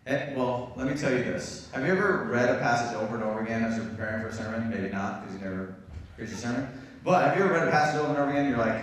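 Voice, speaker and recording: A man's voice: medium pitch, fast talker, far from the mic. A man preaching a casual, chatty sermon as pastor, speaking to his congregation with friendly asides. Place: church hall. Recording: very echoey church room, voice from off-mic.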